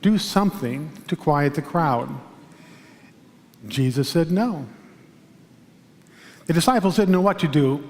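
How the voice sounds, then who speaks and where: A male pastor giving a sermon in a church, telling a story in a calm, measured way with pauses. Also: fairly high pitch, in a large hall. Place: large church sanctuary.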